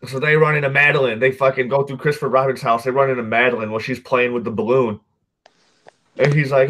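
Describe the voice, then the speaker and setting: Speaking fairly quickly in a slightly bright, mid-range voice with fairly even intonation, a man hosts a podcast. His movie recap is casual and profanity-laced, scattered with "dude" and "like," and it keeps looping back as he corrects himself.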